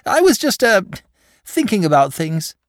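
A timid, fussy dragon, polite and easily flustered, in a storybook reading, as a man puts him on. His voice darts up high and swings widely, and the sound is dry and close. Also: sing-song, a little slow, no echo. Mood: nervous, polite. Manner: nervous, genteel and easily flustered. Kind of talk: storybook reading, voicing characters.

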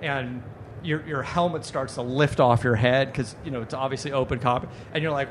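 A male podcast host chats casually about track driving from a trade show booth. His voice sits at a middle pitch and he acts out quotes as he goes. A faint hum of ambience lies behind him. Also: fairly even intonation, normal speed. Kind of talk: casual chat.

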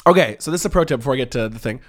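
A man's voice: mid-range voice, expressive, racing, slight background noise. A man co-hosting a podcast in casual chat, rambling and enthusiastic with lots of fillers and restarts. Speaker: podcast co-host.

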